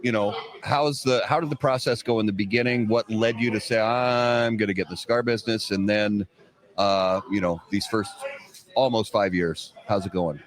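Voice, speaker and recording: Low-voiced man asking hesitant questions. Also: fairly even intonation, moderate pace. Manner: hesitant, full of "you know" fillers. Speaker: podcast host. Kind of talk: casual interview.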